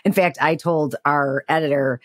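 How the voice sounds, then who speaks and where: A woman's voice: sits low, fairly even intonation, normal speed, no room sound, clean studio sound. A woman co-hosting a podcast in casual chat, reacting and interjecting with questions. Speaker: podcast co-host.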